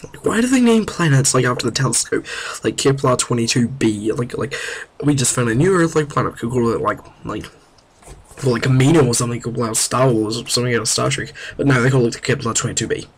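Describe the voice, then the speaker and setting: A man's voice: mid-range voice, steady tone, fast talker, slightly rough. Rambling young New Zealand man. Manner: rambling, self-mocking, chatty. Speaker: gameplay commentator. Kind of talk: casual gameplay commentary.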